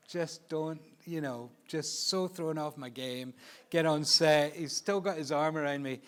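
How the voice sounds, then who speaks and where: A photographer with a New York accent presents on an expo stage. He tells anecdotes in a slightly higher man's voice and acts out the voices in them. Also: measured pace, clear, resonant tone. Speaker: photographer presenting a live shoot. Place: expo stage before an audience.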